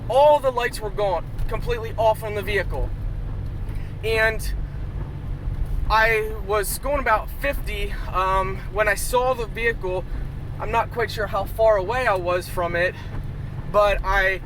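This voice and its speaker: A breathless man with a high-pitched voice talks into his phone from inside his car, shaken and rambling as he loses his words. Heavy rain and road noise roar loudly behind him. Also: measured pace. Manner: rattled, rambling, keeps losing his words. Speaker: vlogger. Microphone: phone camera held in hand.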